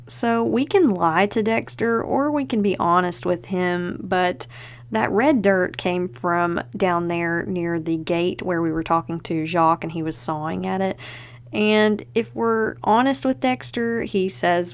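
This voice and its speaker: A woman's voice: on the low side, a little slow. A woman hosting a podcast, chatting casually and enthusiastically and leaning on fillers like "like". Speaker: podcast host.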